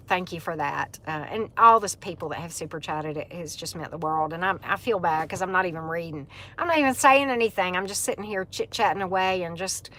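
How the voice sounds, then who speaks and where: A middle-aged woman, hosting a casual live chat with viewers. She talks in a chatty, animated way and laughs often. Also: on the low side. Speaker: livestream host.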